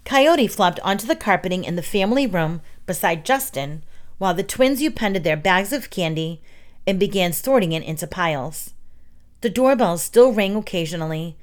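A woman reading children's stories aloud in a clear, measured storytelling manner. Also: mid-range voice, expressive.

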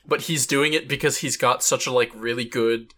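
A podcast co-host in casual recap chat, amused and sweary, quick to chime in with jokes. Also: medium pitch, steady tone, fairly bright tone.

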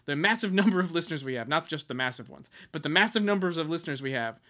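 A male podcast co-host chats casually in a fast, animated way, with a fairly high, bright, forceful voice. He rambles, leans into sarcasm and mock-dramatic swings, and swears often.

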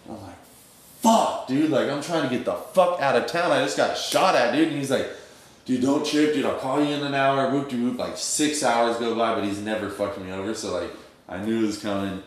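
A man's voice: medium pitch, fairly quick. A young man telling a story in casual, streetwise slang, acting out the quoted dialogue as he goes. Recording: very echoey room.

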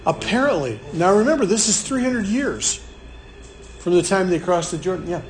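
A man's voice: sits high, lively intonation, moderate pace, a crowd in the background. A man leading a live Bible study in a conversational way, often repeating words and restarting, with a light hiss behind. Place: room with a live group.

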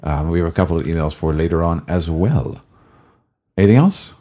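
Male podcast host, very low, husky and gravelly, rambly casual delivery. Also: fairly quick, dark tone. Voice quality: gravelly, recovering voice. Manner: rambling, many fillers and self-corrections. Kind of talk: casual hockey podcast chat.

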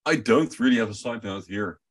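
A man's voice: on the low side, fairly quick. A man co-hosting a casual crypto podcast, giving brief, hesitant replies with restarts. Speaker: podcast co-host.

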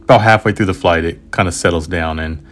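Deep-voiced American man telling a travel story. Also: fast talker, a bit bright. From United States. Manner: rambling, self-aware, with frequent asides and restarts. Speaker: travel writer. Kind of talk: casual first-person travel storytelling.

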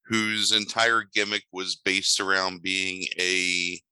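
A man co-hosting a casual movie podcast, his voice low and strikingly forceful. He delivers wry, sardonic put-downs with plenty of ums. The sound is close and dry, with no room echo. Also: little pitch movement, slow pace, smooth. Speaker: podcast co-host.

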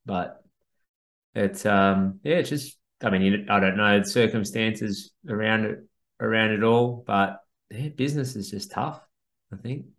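A young man with a lowish voice, talking easily and casually. He hedges a lot and drops "like" into nearly every sentence. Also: unhurried. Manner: laid-back, hedging, lots of "like". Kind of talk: casual chat.

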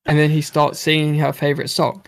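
A man's voice: fairly high pitch, monotone, a little fast, gravelly. A man, chatting casually about a film, swearing freely and acting out characters' lines. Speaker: podcast co-host reviewing a film. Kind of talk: casual chat.

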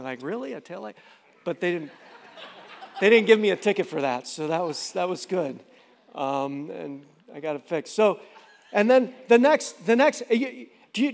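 A man preaching from the pulpit with a high, bright voice, slipping into quick character voices as he makes his points. The sound carries a long hall reverb that sets him in a large church space. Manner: animated, acts out quick dialogues in varied voices. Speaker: pastor. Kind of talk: sermon. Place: church sanctuary.

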